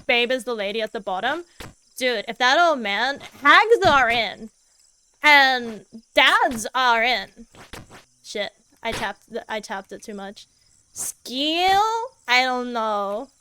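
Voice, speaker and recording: A woman's voice: on the high side, lively intonation, slow pace, bright, forceful tone, a little hiss or hum, poor audio. A woman streaming a game as a VTuber, chatting casually in a goofy, laid-back way and swearing freely.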